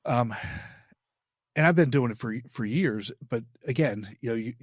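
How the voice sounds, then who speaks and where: A man hosting an interview podcast in casual chat, talking haltingly with many restarts. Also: mid-range voice, dry recording, clean studio sound. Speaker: podcast host.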